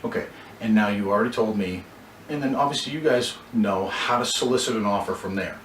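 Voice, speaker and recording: A man's voice: fairly low pitch, a little fast, fairly bright tone. A man coaching car salespeople, acting out short bits of dialogue and often restarting his sentences. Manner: coaching, role-plays dialogue, frequent restarts. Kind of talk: sales training talk. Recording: echoey room from far off, faint background noise.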